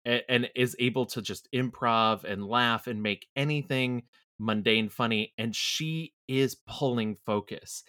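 Podcast guest, male, animated and giggly, dry booth sound. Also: medium pitch, a little slow, no echo. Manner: animated, laughs often, rambling restarts. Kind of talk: casual chat.

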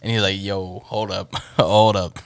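A man's voice: low-pitched, level tone, measured pace, gravelly, clean tone, no room sound, studio quality. Man telling a story in a casual, profane way. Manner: loose, profane storytelling with acted-out quotes. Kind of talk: casual chat among friends.

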